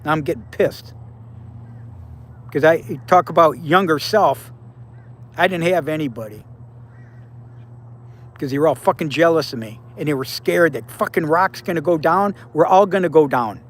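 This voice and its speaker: A man's voice: a little high, moderate pace, pauses often. Blunt, profane man in his seventies. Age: 70s. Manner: blunt, profane, preachy advice. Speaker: livestream host. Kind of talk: casual livestream talk to viewers.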